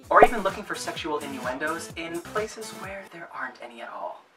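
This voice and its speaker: A man's voice: on the high side, expressive, fairly quick. A man telling a comic vlog monologue in a playful, self-mocking way. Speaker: vlogger. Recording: distant mic with music behind.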